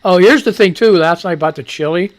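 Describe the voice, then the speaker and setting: A man's voice: high voice, brisk. A middle-aged man hosting a casual talk radio show, rambling, chuckling often and throwing in crude asides.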